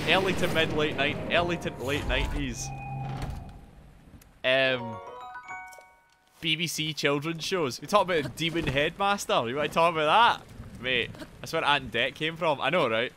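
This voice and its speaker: A man's voice: a little high, normal speed, noisy background. A Glaswegian man in his thirties, chatting boisterously with viewers while gaming, swearing freely and riffing on silly bits. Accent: Glaswegian Scottish. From Scotland. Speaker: streamer.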